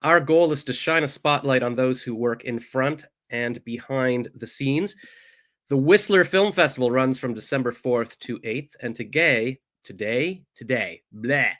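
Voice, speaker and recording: A man's voice: medium pitch, a little slow, fairly bright tone. A man hosting an entertainment interview show, chatting casually in a jokey, self-deprecating way that rambles off topic. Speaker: host.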